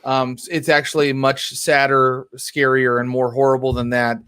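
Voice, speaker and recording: A man's voice: medium pitch, flat delivery, moderate pace, fairly bright tone, smooth, no room sound. A man running a tabletop role-playing game as storyteller, narrating in a loose, chatty way with fillers.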